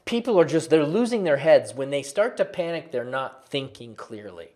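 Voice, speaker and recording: A man walking viewers through trading charts in a lively, conversational lesson, often repeating phrases for emphasis. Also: medium pitch, moderate pace. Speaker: trading educator.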